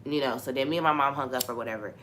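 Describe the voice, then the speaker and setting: Bright-voiced young woman, casual talk. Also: rumbling low, very fast, a little hiss or hum. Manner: relaxed and conversational, drops to a hushed voice when retelling. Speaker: podcast host.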